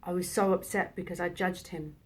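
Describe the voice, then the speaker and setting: A woman in her thirties telling a personal story, halting and emotional, with many restarts. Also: lowish voice, fairly even intonation. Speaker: vlogger.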